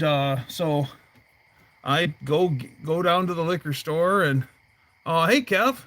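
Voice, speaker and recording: A man's voice: a little high, fairly bright tone. A man hosting a casual livestream from outdoors by his garage, telling rambling stories full of fillers. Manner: rambling storyteller, many fillers. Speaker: livestream host. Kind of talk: casual chat.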